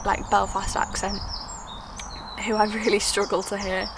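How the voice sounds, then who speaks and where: A young woman from the UK talking to camera in a quick, chatty, earnest way, with frequent ums. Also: medium pitch, flat delivery. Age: young adult. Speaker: vlogger. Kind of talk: casual talk to camera. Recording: noisy background with traffic.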